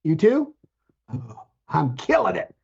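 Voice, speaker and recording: A man's voice: fairly high pitch, huge pitch swings, vocal fry, darkish tone, breathy edge. Brief: playful male podcast co-host, casual banter, dull lo-fi sound. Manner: playful, joking, quick restarts. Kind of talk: casual chat.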